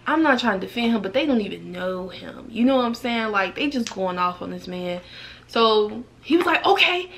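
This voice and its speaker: Animated young woman telling a storytime vlog. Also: normal speed, vocal fry, slight background noise. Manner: animated, acts out quotes with rising pitch. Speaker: vlogger. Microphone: camera mic, then phone vlog style.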